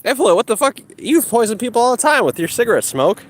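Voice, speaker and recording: Profane ranting man, lively pitch. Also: fast talker, a little hiss or hum. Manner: profane, mocking, combative. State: exercising while talking. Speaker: livestreamer. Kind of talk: ranting outdoor livestream.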